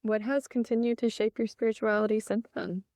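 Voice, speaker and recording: A woman's voice: fairly high pitch, level tone, fairly quick, a little mellow, no room sound, studio quality. A woman hosting an interview, affirming her guest and asking open questions. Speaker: host. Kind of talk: conversational interview.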